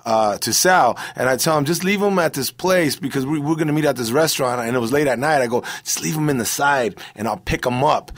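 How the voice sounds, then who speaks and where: A man's voice: mid-range voice, fairly quick, hardly any pauses. A middle-aged man, a comedian, telling stories in a loose, rambling way, full of "bro" and "you know". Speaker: comedian guest. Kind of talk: casual storytelling interview.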